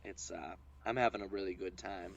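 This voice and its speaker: A man's voice: low voice, fairly even intonation, a little fast, gravelly, dull audio. A man co-hosting a podcast in casual chat, rambling and joking with plenty of restarts. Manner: rambling, restarts often, jokey. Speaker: podcast co-host.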